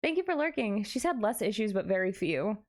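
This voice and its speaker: With a medium pitch and a slightly fast pace, a young adult woman chats with her live-stream audience. She keeps things playful and animated, with plenty of dramatic exclamations.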